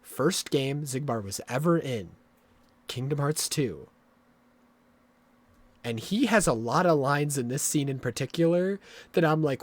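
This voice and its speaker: A man streaming a video game live, explaining the story at length in a rambling, excitable way and swearing often. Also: fairly high pitch, unhurried, pauses often, dry recording.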